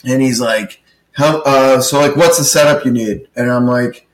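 A man's voice: mid-range voice, fairly even intonation, normal speed, roomy sound, poor audio. A man hosting a podcast, telling a profane story with lots of acted-out dialogue. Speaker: podcast co-host, comedy show producer. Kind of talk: casual storytelling rant.

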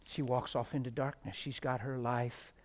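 A middle-aged man preaching a testimony sermon, swinging from loud shouted stretches to hushed, near-whispered ones. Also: medium pitch, steady tone, normal speed.

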